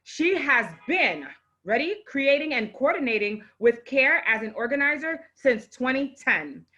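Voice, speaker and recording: A woman hosts her own live online show with a bright, fairly high voice. She gushes and exclaims, emotional and close to crying as she talks to her viewers and brings on a guest. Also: lo-fi sound. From Haitian parents. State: on the verge of tears. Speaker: host.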